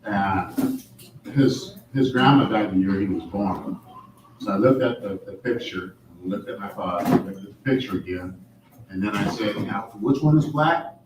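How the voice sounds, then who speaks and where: A man at a family reunion telling what he knows of his ancestors, halting and restarting as he thinks. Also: on the low side, background noise. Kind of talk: casual storytelling. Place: large room at a family reunion. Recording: echoey hall from far off.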